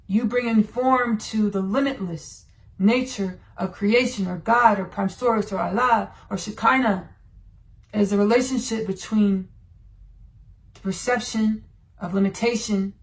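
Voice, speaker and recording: A woman hosts a spiritual podcast in a medium-pitched, mid-range voice with a gravelly, fry-laced texture. She talks slowly and meditatively, drawing out her words as she shifts between a channeled monologue and personal sharing.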